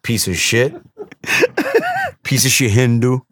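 A young man co-hosting a podcast, telling crude stories loudly and mimicking other people's voices. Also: medium pitch, slow, no echo, studio quality. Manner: loud, profane storytelling with mimicked voices. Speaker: podcast co-host. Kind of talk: casual crude podcast chat.

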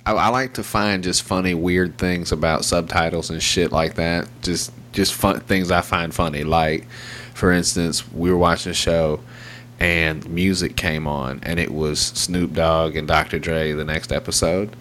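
A man's voice: low voice, steady tone, a little slow, a bit bright. A man hosting a casual podcast chat, rambling in a wry and profane way. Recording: faint hum in background.

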